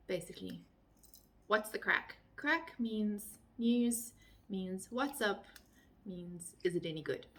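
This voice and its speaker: Bright, chatty South African woman. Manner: chatty, light-hearted, mimics phrases with pitch jumps. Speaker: vlogger. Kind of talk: casual explainer to camera.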